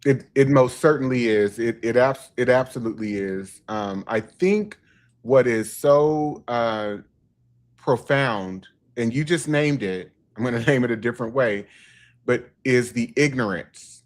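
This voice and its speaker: Man host, deliberate analytical speech. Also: medium pitch. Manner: deliberate, analytical, clinical wording. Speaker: host and author. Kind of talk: livestream discussion.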